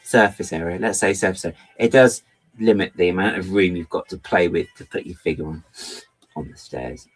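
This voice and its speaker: A middle-aged man with a low, slightly rough voice talks fairly quickly as he builds LEGO on a livestream, captured in a rough recording. His chat is rambling and apologetic, and he often stops himself mid-thought.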